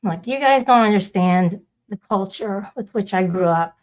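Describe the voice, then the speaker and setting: A woman's voice: mid-range voice, moderate pace, darkish tone. A woman hosting a casual livestream, rambling and swearing as she talks back to her viewers' chat. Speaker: livestream host.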